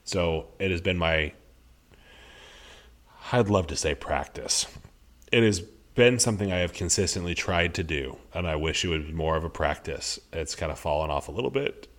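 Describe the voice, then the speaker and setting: This is a deep-voiced man in his thirties talking on a podcast. He speaks earnestly and thoughtfully, often circling back and restarting his sentences as he works through an idea. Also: normal speed. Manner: earnest, reflective, many restarts. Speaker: podcast co-host. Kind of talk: casual conversation.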